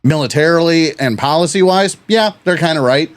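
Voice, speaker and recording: A man's voice: fairly high pitch, a little fast, clear, resonant tone, no room sound. Casual man co-hosting a history podcast. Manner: swears casually, reads notes aloud in stretches. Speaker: podcast co-host.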